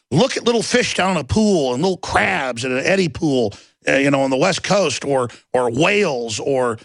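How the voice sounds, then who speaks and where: Male radio host, gravelly, emphatic rambling monologue, dry close mic. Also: fairly high pitch, a bit bright, dry recording. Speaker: radio talk show host. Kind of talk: ranting monologue. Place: radio studio.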